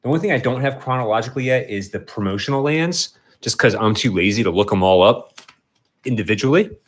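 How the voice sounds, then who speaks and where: A man's voice: mid-range voice, expressive, fast talker. Rambling man chatting on a livestream. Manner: rambling, talks to his cat and to chat viewers, many restarts. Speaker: livestream host. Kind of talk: casual livestream chat.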